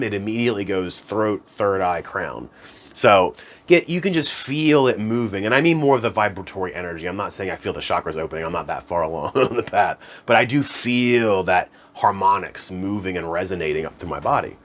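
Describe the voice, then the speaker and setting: A man's voice: lowish voice, fairly bright tone. A man giving a casual, rambling spiritual lesson to camera, laughing at himself and drifting into tangents. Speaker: spiritual self-improvement teacher. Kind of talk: casual instructional talk to camera.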